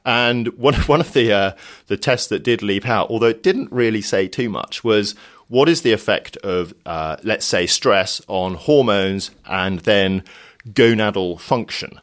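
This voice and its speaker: A man's voice: on the low side, measured pace. A man discussing science in a casual studio chat, talking hesitantly with many fillers and restarts.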